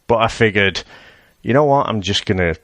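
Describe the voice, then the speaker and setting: A man co-hosting a podcast in casual chat, telling a story in a measured, self-deprecating way. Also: on the low side, fairly bright tone, dry recording. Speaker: podcast co-host.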